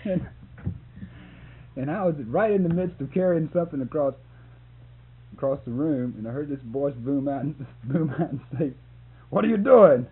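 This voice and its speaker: A man's voice: a little high, normal speed, pauses often, slightly rough. A man telling a story about a photography job in a recorded interview, often laughing as he talks. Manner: laughs often, animated when telling the punchline. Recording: tinny lo-fi tape with hum.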